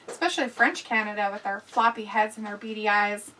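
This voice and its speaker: A woman's voice: mid-range voice, sharp tone, recorded from a distance, poor audio. A woman hosting a casual live watch-along, chatting, laughing and reading viewer comments aloud. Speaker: livestream host reading chat.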